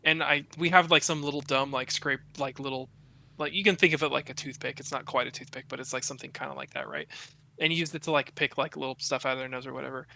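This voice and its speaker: A man's voice: medium pitch, quick pace, vocal fry. A young man hosting a casual podcast, telling stories with lots of fillers and swearing. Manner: swears a lot, many fillers, animated storytelling. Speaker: podcast host.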